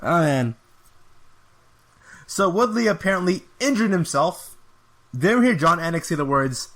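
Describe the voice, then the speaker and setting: A man's voice: sits high, lively intonation, measured pace, long pauses, fairly bright tone. A man hosting a podcast, giving a casual, rambling fight review with an exasperated tone and lots of filler words. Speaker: podcast host.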